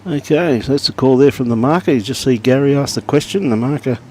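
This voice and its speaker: A middle-aged Australian man doing relaxed live commentary on lawn bowls, chatting and greeting viewers by name. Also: medium pitch, brisk, a little hiss or hum.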